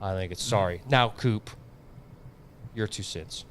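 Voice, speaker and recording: A man's voice: on the low side, a little slow, a little hiss or hum. A man hosting a casual motorsport chat show, giving blunt opinions in a drawling, easygoing way. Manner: opinionated, drawling, says y'all. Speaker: show host.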